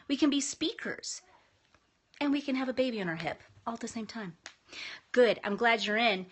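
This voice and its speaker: A woman's voice: mid-range voice, fairly bright tone. A woman in her thirties, a homeschooling mom, chatting casually and encouragingly to camera about self-care and faith. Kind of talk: casual motivational chat to camera.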